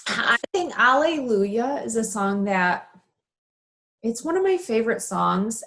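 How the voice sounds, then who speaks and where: Animated woman chatting about funerals. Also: on the high side, slow, vocal fry. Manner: animated, expressive storytelling. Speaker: funeral director, co-host. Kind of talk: casual chat over wine.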